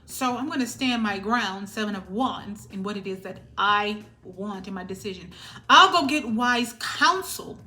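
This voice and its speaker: A woman's voice: mid-range voice, pushed and bright. A woman giving a spiritual tarot reading to her viewers. She talks in an emphatic, sassy way and keeps checking in with "all right?". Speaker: tarot reader.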